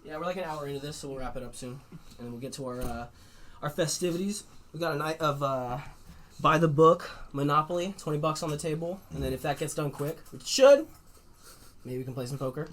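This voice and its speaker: A man's voice: fairly high pitch, steady tone, fast, fairly bright tone, a little hiss or hum. A male podcast host chatting with friends, joking and laughing, a little drunk after a few drinks. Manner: laughing, joking, tipsy banter. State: slightly drunk. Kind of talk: casual podcast chat.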